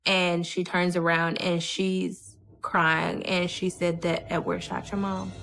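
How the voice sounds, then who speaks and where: A young woman recounting events in a measured, earnest way as an interviewee in a true crime documentary. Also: lowish voice, level tone, a bit bright. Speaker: interviewee, victim's daughter.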